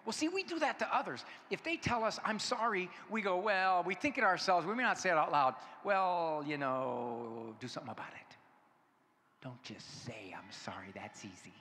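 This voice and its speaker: Man in his fifties, bright lively speaker, storytelling talk in a big echoey hall. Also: high-pitched, normal speed. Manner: animated storytelling, acting out dialogue. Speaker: conference speaker. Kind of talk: humorous talk to an audience. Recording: echoey hall with faint noise.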